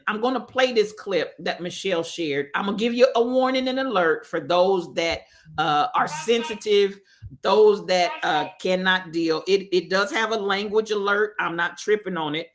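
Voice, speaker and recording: A host talks straight to viewers in a casual, motivational way. The delivery is conversational and halting. The voice sits at a middle pitch. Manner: conversational, halting, with fillers and restarts. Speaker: online show host.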